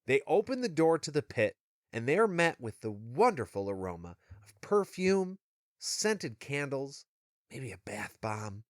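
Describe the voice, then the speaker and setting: Joking male podcast host, chatty plot recaps; lively, expressive pitch. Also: measured pace, no room sound, studio quality. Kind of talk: casual book discussion and recap.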